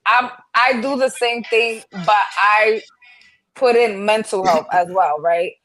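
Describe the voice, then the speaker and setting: A woman's voice: medium pitch, slow pace, a bit bright, low-quality recording. A woman co-hosting a casual podcast chat, frankly explaining her take on things. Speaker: podcast co-host.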